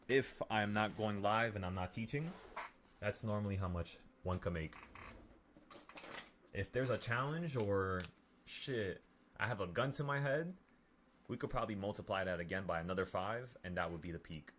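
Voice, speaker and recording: Young man, lowish voice, casual vlog talk, doing sums out loud, blunt, hyped. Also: normal speed. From New York. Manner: talks through sums aloud, blunt and pumped up. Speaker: trading vlogger.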